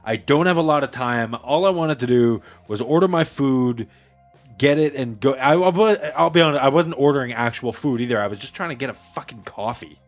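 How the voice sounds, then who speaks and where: Chatting casually with friends, a man hosting a podcast launches into an animated story, cursing heavily and imitating the voices of its characters. His voice is mid-range and a little fast, with soft background music underneath.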